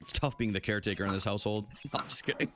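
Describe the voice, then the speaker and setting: A man's voice: racing, soft background music. A young man streaming a game live, chatting casually and goofily with his viewers. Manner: goofy, banters with chat, animated swings in pitch. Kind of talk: casual live gameplay chat.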